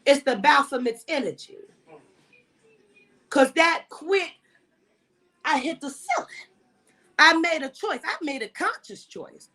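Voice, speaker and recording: A woman host tells a story in a high, bright voice. She acts out every line of dialogue, swearing freely as she goes. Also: slow pace, pauses often, poor audio. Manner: animated, profane, acts out dialogue. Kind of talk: casual storytelling chat.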